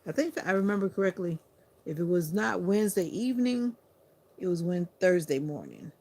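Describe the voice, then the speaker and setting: A sleepy woman hosting a livestream, chatting to viewers in an unhurried, casual way. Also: on the low side, very animated, warm tone, a little hiss or hum. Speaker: livestream host.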